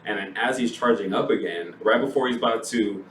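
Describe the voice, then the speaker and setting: A man co-hosting a casual movie review podcast, retelling scenes in a lively way and acting out the characters' lines. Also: on the low side, a little fast. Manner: animated retelling, acts out quotes, laughs often. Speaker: podcast co-host. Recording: echoey room, distant mic, faint noise.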